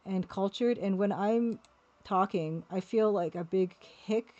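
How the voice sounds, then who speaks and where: A woman's voice: mid-range voice, takes it slowly, dark tone, lo-fi sound. Rambling Canadian woman streaming. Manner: rambling, self-deprecating, talks to her chat. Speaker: artist streaming her work. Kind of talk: casual livestream chat while drawing.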